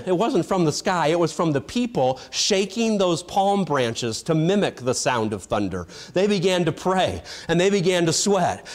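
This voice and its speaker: High-voiced preacher man with dramatic swings. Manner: dramatic revival preaching, builds to shouts then drops low. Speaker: evangelist preaching. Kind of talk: sermon.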